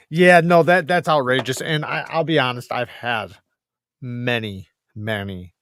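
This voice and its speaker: A man's voice: fairly high pitch, a little slow, a bit bright. A man who reviews knives, a podcast guest in casual chat who rambles emphatically and restarts his sentences.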